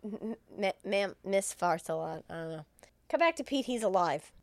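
A woman's voice: mid-range voice, animated, normal speed, no room sound. A woman co-hosting a comedy podcast, recapping a film in crude, laughing chat and acting out the lines.

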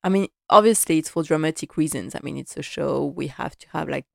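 Woman, fairly low voice, emotional rambling recap, dry close sound. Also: fairly quick, creaky, a little mellow, no room sound. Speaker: TV episode recapper. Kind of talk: casual episode recap.

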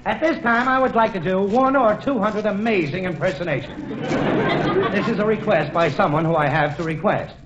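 A man's voice: high voice, normal speed, highs cut off, a loud crowd, very noisy. A man doing a stand-up routine as a comedy guest on a 1940s radio show, with mock-grand showman patter, on a studio stage before a live audience.

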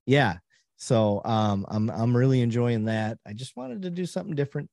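A middle-aged man tells a story on a podcast with lots of energy, jumping up in pitch to act out other people and stumbling through restarts. He is recorded close to the mic in a dry, dead room with no echo. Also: moderate pace, gravelly. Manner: animated storyteller, acts out quotes with pitch jumps and trailing restarts. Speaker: podcast guest. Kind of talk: casual storytelling.

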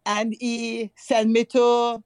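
A middle-aged Jamaican woman in casual chat, telling stories in an animated way and laughing often. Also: on the high side, slow. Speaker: guest.

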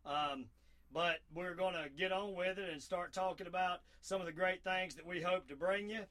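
Southern male talk-radio host, high bright voice, folksy, loose, filler-heavy. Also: fairly even intonation, normal speed. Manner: folksy, rambling, with many fillers and restarts. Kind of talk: casual radio talk show.

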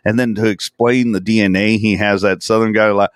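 A man's voice: fairly low pitch, steady tone, brisk, few pauses, dry recording. A man co-hosting a podcast in casual chat, profane and mocking, often slipping into goofy impressions. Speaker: podcast co-host.

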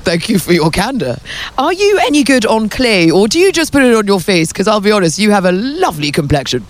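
A male interviewer with a high voice that swings widely in pitch. He asks questions with a teasing, deadpan humor. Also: fairly quick. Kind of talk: comedic interview.

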